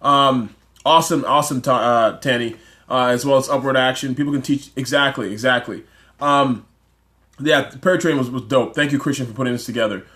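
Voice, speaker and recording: A man hosting a casual motivational livestream, talking excitedly with lots of fillers and restarts, straight into a phone. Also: mid-range voice, brisk. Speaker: livestream host.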